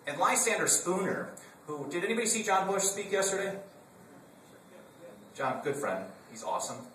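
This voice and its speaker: In a high-pitched, pushed and bright voice with big pitch swings, a Wisconsin conference speaker talks at a moderate pace. His political talk is humorous and conversational, full of joking asides for the live audience. The sound comes from a distance in a roomy hall.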